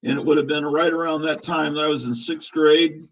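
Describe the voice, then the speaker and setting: A man's voice: fairly high pitch, steady tone, fairly quick, rough recording. A man in his fifties hosting a casual live-stream chat, rambling and opinionated, chuckling as he reminisces. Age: 50s. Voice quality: husky. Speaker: show host.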